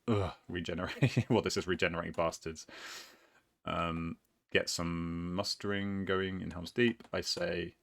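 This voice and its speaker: A man's voice: low voice, fairly even intonation, unhurried, vocal fry, fairly bright tone. A man casually commentating his own board game match, rambling and hesitant, often laughing at himself.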